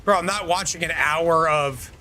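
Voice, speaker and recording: A man's voice: on the high side, normal speed, sharp tone, a little hiss or hum. A male streamer chatting casually while gaming, swearing freely and making mock outbursts at his chat.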